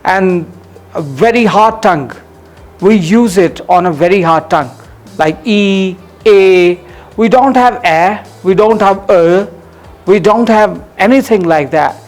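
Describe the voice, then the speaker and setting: A man's voice: high voice, lively intonation, moderate pace, faint music behind. A man with an Indian English accent, an English coach answering interview questions, explaining pronunciation with many ums and uhs.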